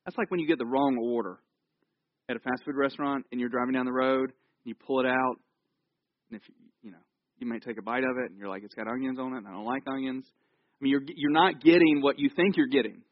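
A man giving a conversational, jokey sermon in a church, telling the story with animated asides. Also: mid-range voice, fast talker, no room sound, muffled recording. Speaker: pastor.

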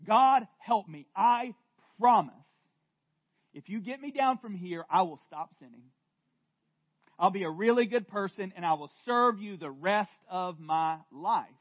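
A man preaching voices a panicked man hanging from a cliff branch, yelling and begging for rescue. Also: high-pitched, expressive, unhurried, highs cut off, voice pushed up. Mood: pleading.

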